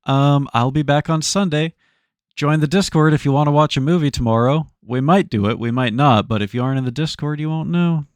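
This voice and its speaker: A man's voice: on the high side, a little fast, no echo. A man streaming live, chatting loosely with his viewers as he wraps up, rambling and swearing freely. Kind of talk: casual stream sign-off chat to viewers.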